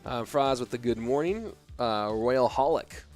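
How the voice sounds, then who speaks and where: A man's voice: mid-range voice, measured pace, a little mellow, soft background music. A tired man in his thirties casting an esports match on a live stream, chatting casually and reading viewer comments aloud between plays. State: sleepy. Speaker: esports caster.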